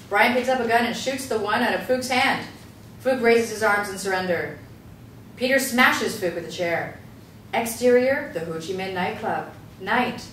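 A woman reads out stage directions in a brisk, matter-of-fact way during a script table read. Her voice is caught from afar in an echoey room with faint hiss. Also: medium pitch, fairly bright tone, recorded from a distance. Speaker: narrator reading stage directions.

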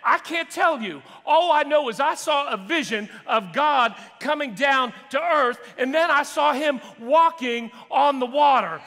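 A man's voice: extremely high pitch, a little slow, few pauses, pushed and bright, long reverb tail, heavily acted. A man voicing Job as a witness, answering in a plain, earnest way. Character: ancient witness Job recalling a vision.

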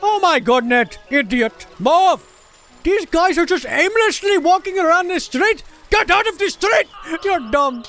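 A high-voiced game commentator whose pitch leaps all over as they gasp and shout. The delivery is excitable and comic, with faint music playing underneath. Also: unhurried. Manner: excitable, gasping and exclaiming. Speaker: gameplay commentator. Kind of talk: comedic gameplay commentary.

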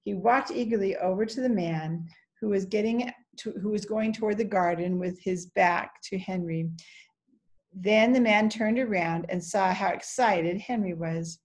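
A woman reading a children's chapter book aloud in a steady, clear storytelling manner. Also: medium pitch, a little slow. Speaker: reader.

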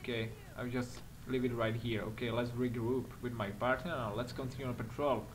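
A man giving excitable let's-play commentary while acting as a patrol cop in a game, speaking non-native English with small slips, swearing and laughing often. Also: mid-range voice, a little fast, faint music behind. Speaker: gaming commentator.

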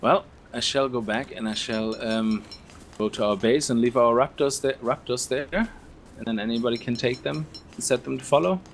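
Let's play host, male, mid-pitched, easygoing explainer, faint noise in the background. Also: moderate pace. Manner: explaining game mechanics in a relaxed way. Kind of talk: casual gameplay chat.

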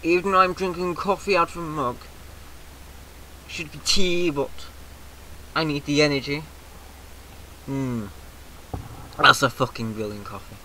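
Sharp-voiced British man, rowdy game commentary. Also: medium pitch, slight background noise, rough recording. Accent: British English. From Britain. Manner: excitable, profane, shouts rallying cries. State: throat a bit mucousy. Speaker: gaming video host. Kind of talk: casual let's-play commentary.

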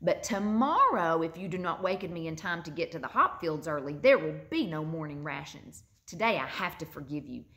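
A woman reading a storybook aloud and voicing an eager, lively young boy. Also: low voice, normal speed, few pauses. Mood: playful scolding. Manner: bright, excited, scolding fondly.

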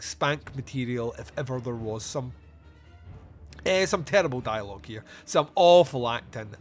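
A man's voice: mid-range voice, a bit bright. A man hosting a podcast who reviews a film in a casual, joking and profane way. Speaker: podcast host.

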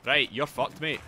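Excitable, swearing young man streaming. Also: mid-range voice, slight background noise. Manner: excitable, swears often, chats directly to viewers. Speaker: game streamer. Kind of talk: live gameplay commentary with chat.

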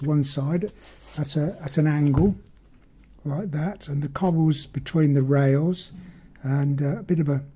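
A man's voice: on the high side, warm tone, husky. A man giving a casual hands-on model-making tutorial, rambling and self-deprecating as he works.

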